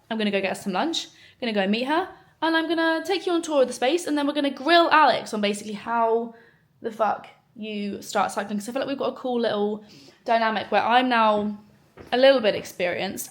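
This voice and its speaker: A woman's voice: on the high side, a bit bright. A young woman, chatting casually to the camera in a vlog, upbeat and swearing freely. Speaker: vlogger and small business owner.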